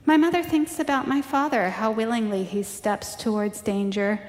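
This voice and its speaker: A woman reading a personal memoir aloud at a church service, in a measured storytelling manner. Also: fairly high pitch. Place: church sanctuary. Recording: long reverb of a church hall.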